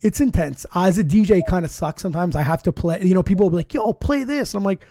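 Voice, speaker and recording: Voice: medium pitch, quick pace, mellow, dry recording, clean studio sound. A wedding DJ telling stories in casual chat, rambling and swearing freely. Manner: profane, rambling storyteller.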